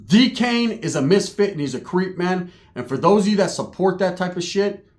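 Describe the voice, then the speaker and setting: Young man, streetwise storyteller, loud profane rant, acts out every quote in a higher voice. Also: lively intonation, normal speed. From California. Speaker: commentary vlogger.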